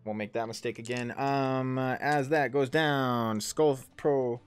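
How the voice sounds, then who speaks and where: A man's voice: mid-range voice, fairly even intonation, slow pace, clean tone, faint music behind. A man in his thirties narrating a tabletop game as game master and player, rambling with many ums and self-corrections, and swearing casually. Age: 30s.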